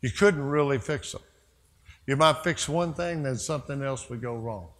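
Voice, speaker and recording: A man's voice: medium pitch, normal speed, a bit bright. A man preaching a sermon as a pastor, telling a story in a loose conversational way with asides. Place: church sanctuary. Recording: long church reverb.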